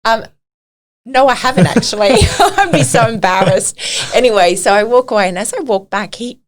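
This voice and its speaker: A woman's voice: a little high, animated, moderate pace. A middle-aged woman, a podcast guest, telling stories in casual conversation and often laughing as she talks.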